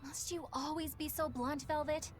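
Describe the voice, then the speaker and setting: A woman's voice: high-pitched, steady tone, moderate pace, over music, lightly acted. An actress playing an earnest, polite young woman exorcist in a video game.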